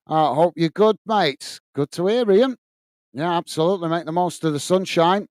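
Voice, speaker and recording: A middle-aged man with an English accent calls a live football match and reads out viewer chat, calling everyone mate. His voice is smooth and clear and sits a little high. It is recorded close on a dry mic with no room sound. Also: normal speed, darkish tone, no echo. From England. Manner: blunt, upfront, addresses viewers as mate. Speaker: watch-along host.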